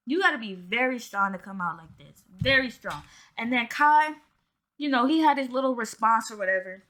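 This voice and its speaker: A woman's voice: on the high side, lively intonation, normal speed, pushed and bright. A woman giving casual commentary straight to her viewers. She talks in an emphatic, slangy way. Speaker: commentary YouTuber.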